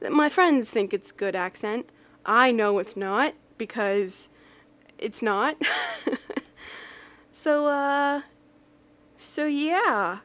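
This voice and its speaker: A young American woman chatting casually, then reading a list aloud in a put-on, deliberately bad English accent, rambling and giggly with lots of fillers. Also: fairly high pitch, animated, fairly bright tone. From United States. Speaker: YouTuber.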